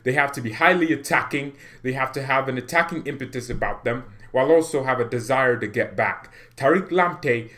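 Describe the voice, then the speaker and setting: Young male fan-channel host, casual and jokey, mid-range voice, acts out pretend calls. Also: mid-range voice. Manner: animated, jokey, acts out mock phone calls. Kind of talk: casual football commentary.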